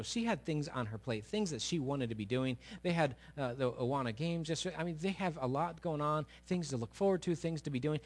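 A man preaching a sermon as pastor to his congregation. He swings from loud to hushed and keeps asking the listeners questions. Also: on the high side. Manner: asks the congregation rhetorical questions. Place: church sanctuary before a congregation.

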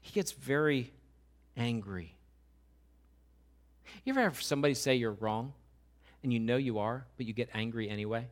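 A male pastor preaching a sermon, swinging between quiet asides and loud, urgent pleading. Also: mid-range voice, animated, normal speed, long pauses.

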